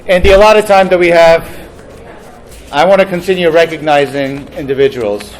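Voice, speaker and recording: A man's voice: a little high, normal speed, a little hiss or hum. A man acting as master of ceremonies at a banquet, telling jokes in a chatty, self-deprecating way and laughing at his own punchlines. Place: banquet hall.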